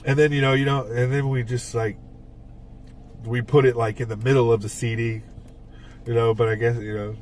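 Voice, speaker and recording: A man's voice: medium pitch, flat delivery, moderate pace, pauses often, a little mellow. A man chats casually on a podcast, wandering through his stories with plenty of "uh" and "like" and the odd curse word. He sits a little back from the microphone, so his voice sounds distant. A faint hiss runs under the whole recording. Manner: rambling storyteller with frequent fillers and swearing. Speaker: podcast co-host and band songwriter. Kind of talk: casual chat.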